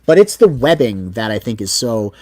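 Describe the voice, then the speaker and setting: A man's voice: mid-range voice, sing-song, normal speed, darkish tone, no room sound. Eager rambling man in his forties. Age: 40s. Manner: eager, rambling, self-correcting. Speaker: guest, prop and figure maker. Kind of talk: casual podcast chat.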